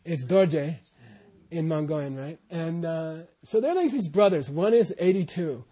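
A man's voice: on the high side, animated, measured pace, warm tone, husky. A man, a translator, telling meandering stories to a group in a casual way, with many asides. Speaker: translator telling stories about his teacher. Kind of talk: casual anecdotal talk to a group.

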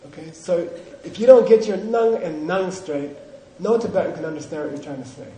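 A man's voice: sits high, fairly quick, mellow, slight background noise. A man teaching a language class, drilling pronunciation and joking with his students. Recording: echoey room with class audience.

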